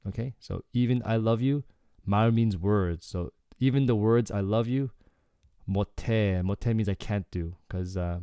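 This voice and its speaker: A man with a low, mellow voice walks through a song's lyrics as a casual Korean lesson. His tone is smooth and clear, and he keeps checking in with learners as he explains. The sound is close and dry. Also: no echo. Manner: relaxed, explanatory, frequent "okay" and "like". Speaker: Korean language teacher.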